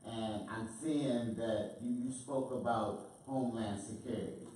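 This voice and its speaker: A man in the audience asking a question, halting and repeating words as he goes. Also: medium pitch, steady tone, warm tone. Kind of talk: question from the floor. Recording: echoey room, far from mic, faint hum.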